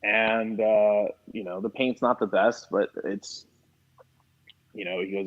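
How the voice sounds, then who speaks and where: A man's voice: fairly low pitch, fairly even intonation, normal speed, breathy edge, no room sound. A man who is a guest on a car show, telling a story in casual chat and acting out both sides of a phone call. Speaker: guest, classic car dealer.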